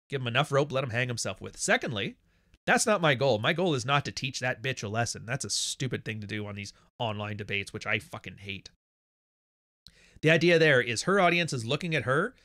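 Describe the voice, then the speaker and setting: Male livestream host, mid pitch, blunt and profane, animated storyteller, dry close sound. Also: no room sound. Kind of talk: casual livestream monologue.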